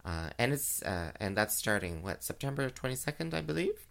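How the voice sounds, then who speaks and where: A man doing drag, hosting a chat show, talking casually with many fillers and giggles, and jumping into high sing-song voices. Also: big pitch swings, normal speed, vocal fry, fairly bright tone. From Canada. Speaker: drag queen radio show host. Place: home, recorded live.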